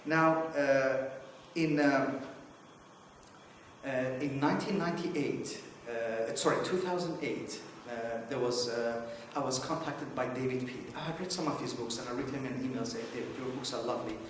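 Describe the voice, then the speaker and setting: A man's voice: medium pitch, moderate pace, a little hiss or hum. A middle-aged man giving informal opening remarks at a conference, rambling through anecdotes with many fillers and restarts. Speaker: conference speaker. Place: conference hall. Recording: echoey hall, distant mic.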